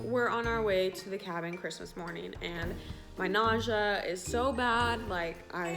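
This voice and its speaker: A young woman in her late teens tells a personal story to her viewers. She talks casually and keeps acting out what people said. Music plays quietly behind her voice. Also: mid-range voice, a little slow. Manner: chatty and filler-heavy, retells scenes in quoted asides. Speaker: vlogger.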